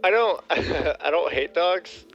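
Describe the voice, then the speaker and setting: A man chatting on a casual podcast in a laid-back way, mostly agreeing and adding his own points. His tone is bright and sharp, but the recording sounds dull and lo-fi, with faint music underneath. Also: fairly high pitch, animated, takes it slowly, creaky. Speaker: podcast co-host. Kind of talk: casual chat.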